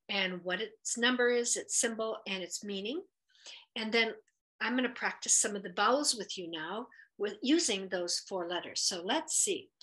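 Slow, bright-voiced woman teaching letters. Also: medium pitch. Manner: patient, slow and encouraging, sounding out letters. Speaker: Hebrew teacher. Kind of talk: children's lesson at a whiteboard.

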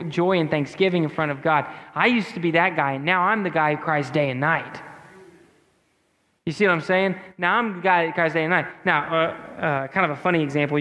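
A man's voice: on the high side, fairly bright tone. A man preaching a sermon as pastor, earnest and conversational, slipping in casual slang. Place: church sanctuary. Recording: church sanctuary with long reverb.

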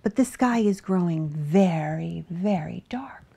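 A woman voicing an excitable, fussy male duck who quacks and sputters his words. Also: fairly low pitch, slow, creaky, husky, voice pushed down, full character voice. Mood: excited.

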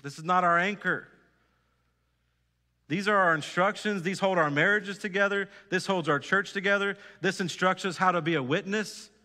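A man's voice: high-pitched, fairly quick, few pauses, pushed and bright. A pastor preaching a sermon, earnest and exhorting, putting direct questions to his congregation. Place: church sanctuary. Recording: church hall reverb.

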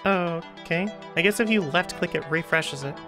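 A woman's voice: on the low side, normal speed, over music. A woman giving let's play commentary on a horror game, chatty and jumpy with frequent laughter. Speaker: gaming streamer.

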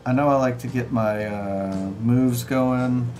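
A man walks through board game rules in a relaxed, conversational way, thinking out loud as he plays. His voice sits at an ordinary middle pitch. Light upbeat music runs faintly behind him. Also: slow pace. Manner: chatty, explains rules while playing. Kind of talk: casual live-stream rules explanation. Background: upbeat background music.

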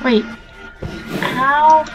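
A young woman hosting a casual let's-play, gushing and excitable as she talks to the animals in the game. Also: sits high, very slow, poor audio. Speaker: gaming channel host. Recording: faint game music behind.

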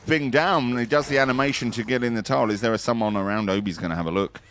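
A man doing excitable, jokey play-by-play commentary on a competitive video game. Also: medium pitch, normal speed, background noise. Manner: excitable, jokey, quoting movie lines. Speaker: esports caster.

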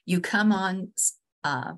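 A woman trainer with a West Virginian accent giving a webinar lesson over a video call, earnest and halting, with many restarts and fillers. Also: fairly low pitch. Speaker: state ombudsman and trainer.

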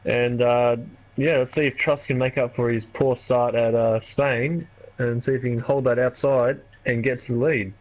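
A man's voice: mid-range voice, normal speed. Man giving race analysis, slightly muffled. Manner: relaxed, analytical, teasing. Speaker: co-commentator. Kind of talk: sim racing color commentary.

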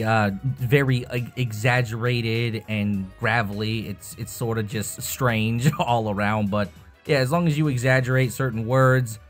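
A young man talking casually about voice acting with a voice changer, rambling and swearing. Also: medium pitch. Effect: voice changer tests. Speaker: YouTuber. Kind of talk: casual tutorial chat.

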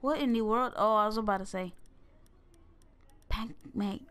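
A young woman giving casual, excitable gameplay commentary, joking and talking straight to her viewers. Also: medium pitch, quick pace, smooth. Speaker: gaming video creator.

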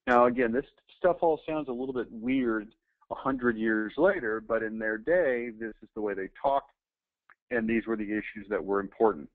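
A man's voice: lowish voice, normal speed. A man giving casual commentary while reading aloud, talking in an offhand way with hesitant fillers. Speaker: presenter reviewing old ads. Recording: dry, tinny phone-like sound.

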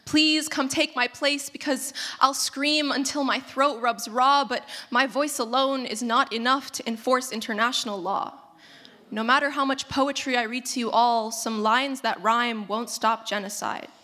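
A teenage girl performs spoken word poetry on a theater stage. Her voice sits high and bright. She pushes through each rhyme with rhythmic, impassioned force. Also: fairly even intonation, unhurried. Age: teens. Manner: impassioned, rhythmic, rhyming delivery. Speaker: slam poet.

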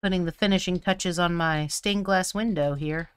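A woman's voice: on the low side, fairly even intonation, normal speed, clean tone, no room sound, clean studio sound. A woman co-hosting a live miniature painting stream, chatting casually while she paints and gets absorbed in fine details.

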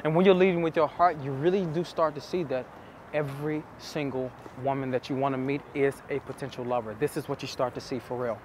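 A man who coaches on dating tells stories straight to the camera in a casual, earnest, intimate way, repeating phrases for emphasis. His mid-range voice is steady and brisk, with background noise in the recording.

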